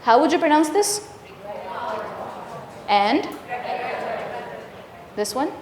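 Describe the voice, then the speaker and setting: A woman's voice: high-pitched, very animated, drawn-out words, darkish tone. A woman leading an interactive teacher training workshop, asking the room questions and confirming their answers. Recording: echoey room with long reverb.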